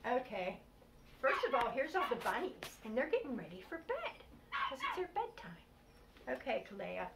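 A woman's voice: sits high, wildly swooping pitch, normal speed. Older grandmother reading a bedtime story. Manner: gentle, explaining and prompting the child. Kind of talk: reading a storybook aloud to a child. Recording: distant, echoey, noisy home recording.

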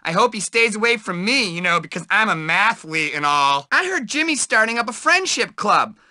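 Needy nerdy teenage bookworm. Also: male voice, high-pitched, big pitch swings, normal speed, bright, forceful tone, dry recording, heavily acted. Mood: earnest. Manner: eager, self-pitying, craving friends. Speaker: video game voice actor. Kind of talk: game voice lines.

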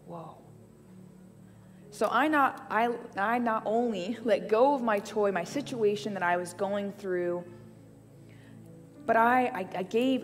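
A woman's voice: medium pitch, big-room sound. A woman giving a sermon, telling a personal story with playful asides. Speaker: church speaker. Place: church hall.

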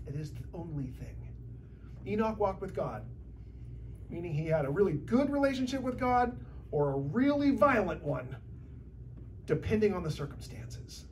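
A woman preaching a sermon in a church, talking in a conversational, lively way with shifting loudness. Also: on the low side, normal speed, pauses often, distant mic, slight background noise.

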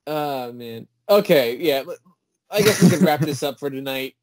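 A young man co-hosting a podcast, talking in a relaxed, wry, joking way. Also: mid-range voice, normal speed, dry recording. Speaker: podcast co-host. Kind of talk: casual chat.

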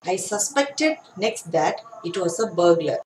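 A woman's voice: on the low side, animated, unhurried, darkish tone. A woman with an Indian English accent, teaching English by reading a story aloud and then explaining it in simple words. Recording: echoey room with faint noise.

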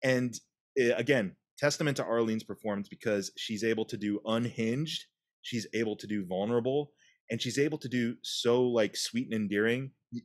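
A man talks in a relaxed podcast chat. His voice sits at an ordinary pitch, and he retells scenes in an animated way. He often breaks into laughter or quick put-on voices. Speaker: podcast host. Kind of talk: casual chat.

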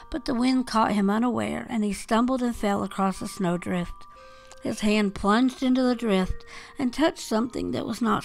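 A woman reads a classic fairy tale aloud at a calm, even pace. Her voice is strongly gravelly with a lot of fry. She keeps the reading gentle and measured, and a soft waltz plays faintly behind her. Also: mid-range voice. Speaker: podcast host reading a children's book aloud. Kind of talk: storybook narration. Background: faint waltz music.

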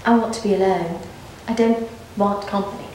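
In a very echoey room with slight background noise, a woman delivers a dramatic monologue at a moderate pace in a medium-pitched, darkish voice with fairly even intonation, near her everyday voice. She's an actress playing a nervous young woman on the run, evasive and rambling, defending herself with nervous laughs.

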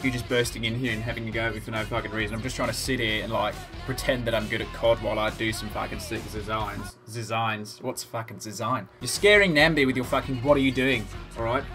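A man's voice: mid-range voice, fairly even intonation, quick pace, hardly any pauses, over music. A young man swearing and bantering while doing comic impressions of his gaming friends over gameplay. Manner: profane, rowdy banter.

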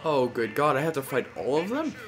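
A young man giving casual, animated commentary while playing a video game, talking to the characters on screen and often exclaiming. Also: mid-range voice, a little fast, music in the background. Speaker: gameplay commentator. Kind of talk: casual live gameplay commentary.

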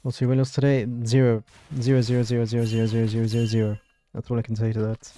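A man's voice: medium pitch, monotone, rapid-fire, dark tone, a little hiss or hum. A man streaming his live gameplay with frustrated, swearing commentary, often chanting words over and over. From Europe.

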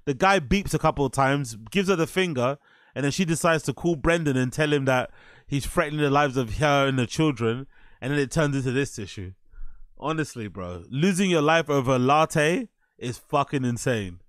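A man's voice: mid-range voice, moderate pace, no room sound, clean studio sound. A man giving casual reaction commentary in a blunt, incredulous way, swearing freely.

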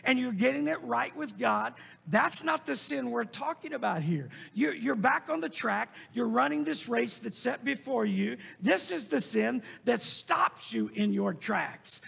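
A man preaching a sermon as pastor, pressing his points through emphatic repetition and rising shouts. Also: extremely high pitch, gravelly, slightly rough. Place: church sanctuary. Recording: long reverb of a church hall.

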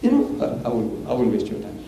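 A man's voice: medium pitch, wildly swooping pitch, fast talker, mellow. An older man from South Africa giving a lecture to an audience, talking emphatically, repeating phrases for effect and laughing at his own stories. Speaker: Islamic lecturer. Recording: echoey hall recording with faint hiss.

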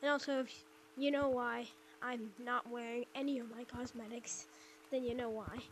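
A woman giving casual, rambling commentary on a VR game she is playing, often talking softly and half-whispered. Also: fairly high pitch, little pitch movement, moderate pace, slight background noise. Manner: rambling, filler-heavy, soft and half-whispered in the intro. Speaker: gaming YouTuber.

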